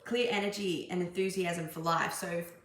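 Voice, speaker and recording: A woman's voice: on the low side, fairly even intonation, moderate pace, fairly bright tone. A young woman giving a casual tarot reading, chatty and rambling with many fillers and restarts. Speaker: tarot reader. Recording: echoey room, faint background noise.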